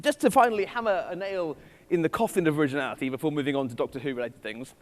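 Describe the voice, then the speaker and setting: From the stage of a conference hall, with reverb in the recording, a man races through a witty keynote full of digressions and self-deprecation. His pitch sits fairly high.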